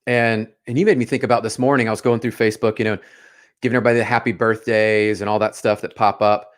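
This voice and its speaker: A man's voice: fairly low pitch, level tone, quick pace. Enthusiastic male interview host. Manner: enthusiastic, affirming. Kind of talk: casual interview.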